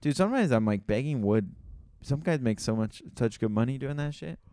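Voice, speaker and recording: A man co-hosting a casual comedy podcast, telling animated stories and swearing casually. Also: mid-range voice, fairly quick, no room sound, studio quality. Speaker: podcast co-host.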